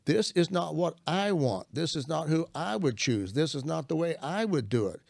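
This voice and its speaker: Gravelly older man telling his testimony. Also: a little high, expressive, moderate pace, darkish tone, dry recording. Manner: earnest storytelling, acts out his own prayers. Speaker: guest minister. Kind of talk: personal testimony in conversation.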